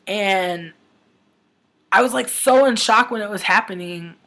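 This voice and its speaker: A woman's voice: mid-range voice, a little slow, sharp tone. A young woman telling a story to camera in a rambling, casual way, full of "like" fillers and swearing, upset as she retells it. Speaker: vlogger.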